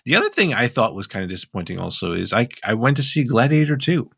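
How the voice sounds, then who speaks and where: Lively bright-voiced male guest. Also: mid-range voice, fast, gravelly, husky. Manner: laughs often, rambling. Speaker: podcast guest. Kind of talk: casual chat.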